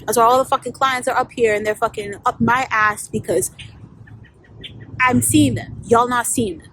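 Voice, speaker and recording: A woman's voice: a little high, fairly even intonation, normal speed, a bit bright, a little hiss or hum, poor audio. A woman, a life coach telling a candid, profanity-laced story in a storytime vlog.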